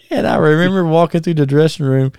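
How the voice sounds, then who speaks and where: On the higher side and smooth, this man's voice is captured dry with studio quality as he chats casually on a podcast. The ex-wrestler tells old ring stories, laughing often and restarting his sentences amid many fillers.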